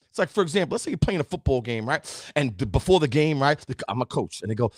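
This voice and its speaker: Emphatic motivational man, husky and lively. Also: fairly high pitch, fast, dry recording, clean studio sound. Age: middle-aged. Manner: preachy, emphatic, addresses listeners directly. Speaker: podcast host. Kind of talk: motivational talk.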